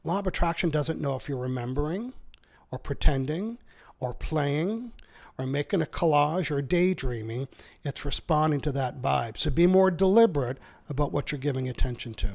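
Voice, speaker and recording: A man who is an author and seminar speaker, explaining his ideas in an interview with energetic, persuasive delivery and acted-out quotes. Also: on the high side, normal speed, gravelly. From Canada.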